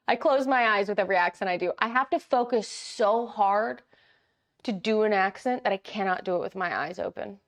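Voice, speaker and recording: A woman's voice: mid-range voice, normal speed. A woman chatting casually and giggling with her live chat as she plays a board game.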